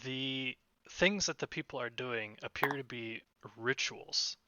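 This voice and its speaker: A man's voice: medium pitch, a little slow, sharp tone, muffled recording. A man running a tabletop game as game master, describing scenes with many fillers and a slight lilt.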